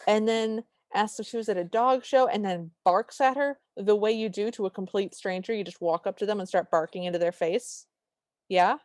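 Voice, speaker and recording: A woman's voice: mid-range voice, normal speed, darkish tone, dry recording, clean studio sound. A woman co-hosting a podcast, casually narrating a film plot in an easygoing way. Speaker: podcast co-host. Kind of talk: casual chat recapping a film.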